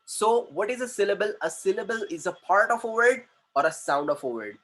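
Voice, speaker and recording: Male trainer, high voice, repeats and stretches syllables for a class. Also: animated, a bit bright. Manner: repetitive, drawn-out spelling of syllables, mixes in Hindi. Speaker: communication trainer. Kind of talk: classroom grammar lesson.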